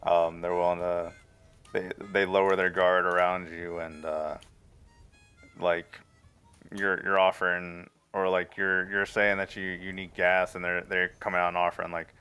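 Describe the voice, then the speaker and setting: A deep-voiced man narrates a tabletop game as its game master. He stops and restarts often and leans on fillers. Soft music plays faintly behind him. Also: little pitch movement, clear, resonant tone. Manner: halting, many restarts and fillers.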